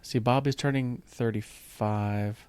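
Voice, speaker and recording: A man's voice: medium pitch, fairly even intonation, takes it slowly, darkish tone, smooth, dry recording. A man co-hosting a podcast in casual chat, easygoing and agreeable, often answering with short "right" and "mm-hmm". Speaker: podcast co-host. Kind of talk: casual chat about musical theater.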